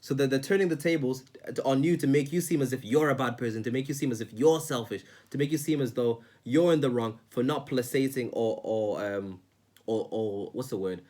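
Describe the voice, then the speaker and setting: A man's voice: medium pitch, a little fast, dark tone. A man giving self-help advice in a casual, earnest monologue, often repeating words and restarting sentences.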